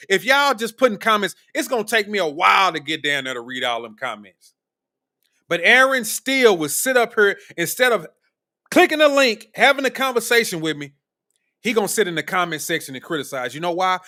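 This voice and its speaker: A man's voice: high-pitched, pushed and bright. A man hosting a live political commentary stream, talking in a blunt, profane, combative way. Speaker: streamer host.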